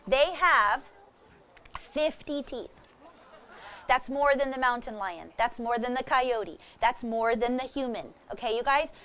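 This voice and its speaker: A woman giving a lively talk about wild animals to a young audience, animated and often laughing as she speaks straight to the crowd. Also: sits high. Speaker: wildlife educator with animal ambassadors. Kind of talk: lively presentation to kids.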